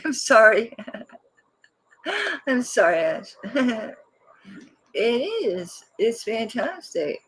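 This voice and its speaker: A woman's voice: low-pitched, breathy edge. A woman hosting a live jewelry auction, chatting casually and rambling, laughing often as she shows pieces. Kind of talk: casual live-stream selling chat.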